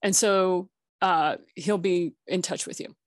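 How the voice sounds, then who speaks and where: A woman's voice: lowish voice, slow, no echo, studio quality. A woman hosting a casual online networking call, chatty and jokey, laughing often. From Colorado. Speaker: host.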